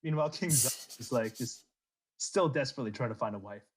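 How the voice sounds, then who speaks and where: A man's voice: medium pitch, quick pace, over a noisy crowd. A man hosting a casual history podcast, telling the story with jokes and laughing along. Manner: lively storytelling with comic character voices and laughs. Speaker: podcast host narrating history.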